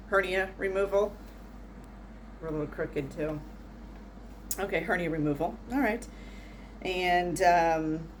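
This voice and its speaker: A woman's voice: fairly low pitch, slight background noise. A middle-aged woman, a nurse, telling funny patient stories in a chatty, wry, laughing way at home. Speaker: nurse doing patient intake. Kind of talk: casual storytelling monologue. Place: small room at home with heater humming.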